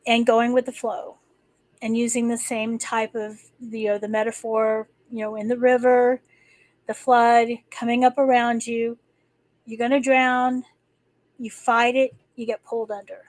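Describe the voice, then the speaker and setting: A woman's voice: fairly high pitch, little pitch movement, a little slow, dry recording, poor audio. A woman hosting a live stream, talking casually and rambling, with many restarts and fillers. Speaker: livestream host. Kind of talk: casual spoken talk.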